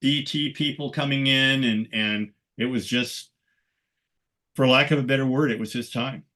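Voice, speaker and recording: Speaking at a moderate pace in a medium pitch, this older guest photographer spins conversational tales, animatedly acting out each quoted person's voice.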